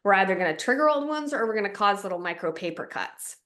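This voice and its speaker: A woman's voice: mid-range voice, expressive, quick pace, a bit bright. Reflective woman explaining on a podcast. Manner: reflective, explains with examples and checklists. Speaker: relationship coach. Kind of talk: conversational podcast talk.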